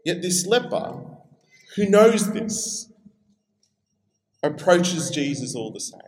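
An Australian man preaching a sermon in a relaxed, conversational way, now and then acting out the voices he quotes. His voice sits fairly high, and the room around him rings with echo. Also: slow pace. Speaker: pastor.

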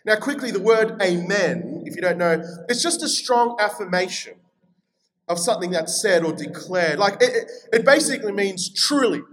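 A man with an Australian accent preaching a sermon in a chatty, energetic way, reading scripture aloud. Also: high-pitched, moderate pace, low-quality recording. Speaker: pastor.

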